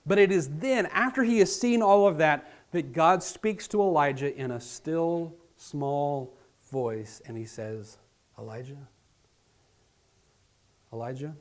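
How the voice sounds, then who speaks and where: A man preaching a sermon as pastor, earnest and dramatic, talking straight to his listeners and swinging between loud emphasis and hushed near-whispers. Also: a little high, expressive, unhurried. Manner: earnest, direct address to listeners.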